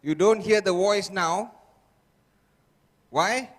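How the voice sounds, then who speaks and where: A man speaks slowly and deliberately at a motivational seminar and keeps turning questions on the audience. His voice sits high. A long hall reverb rings behind him. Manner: fires rhetorical questions at the audience.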